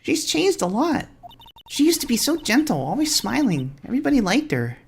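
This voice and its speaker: A woman voicing a shy, eager young woman who speaks in a hesitant, halting way. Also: sits high, huge pitch swings, creaky, slight background noise, exaggerated voice.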